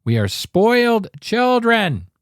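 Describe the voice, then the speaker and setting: A man's voice: sits high, huge pitch swings, slow pace, no room sound, clean studio sound. A man hosting a political talk show, ranting with angry, sarcastic emphasis and frequent swearing.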